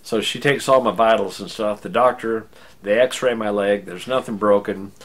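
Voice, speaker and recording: A man's voice: lowish voice, moderate pace. An American man telling a personal story in a wry, self-deprecating, casual way. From United States.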